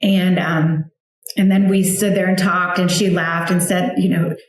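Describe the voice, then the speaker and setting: A woman's voice: fairly low pitch, little pitch movement, unhurried. Woman, chatty emotional storyteller, mother, very echoey room. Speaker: guest, founder of a flower outreach for widows. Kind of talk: personal storytelling interview.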